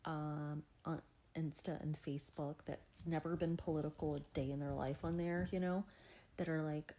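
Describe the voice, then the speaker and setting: A woman's voice: deep voice, level tone, normal speed, mellow. A woman in her forties giving indignant, emphatic social media commentary.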